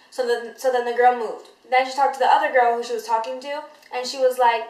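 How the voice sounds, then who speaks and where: A teenage girl chats to her camera in a lively, storytelling way, with lots of "like" and "you know". Her voice sits a little high. The sound carries a noticeable roomy echo. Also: fast, hardly any pauses. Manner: animated storytelling, many likes and you-knows. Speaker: vlogger. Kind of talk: casual chatty vlog. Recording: roomy echoey room.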